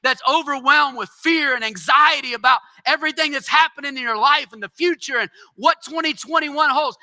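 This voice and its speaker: A male pastor with a strikingly high voice and a sharp, forceful edge delivering a sermon. He talks in a conversational way with quick asides, then presses hard into emphatic, ringing exhortations. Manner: emphatic preaching that swells into shouted exhortations. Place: church.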